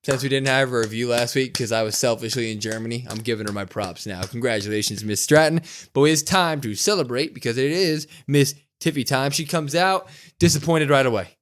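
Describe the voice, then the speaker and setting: A young man talks through a wrestling show in loose, chatty podcast fashion. His voice sits at an everyday middle pitch, and he gets animated as he recaps. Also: brisk. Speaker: podcast co-host. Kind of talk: casual wrestling review chat.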